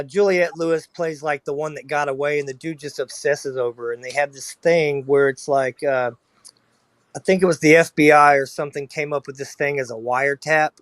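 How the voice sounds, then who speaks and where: A man with a somewhat high voice, recorded dry with no room sound. He rambles through casual chat and keeps stopping for fillers and restarts. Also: fairly bright tone, no echo. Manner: rambling, filler-heavy storytelling. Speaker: panel guest.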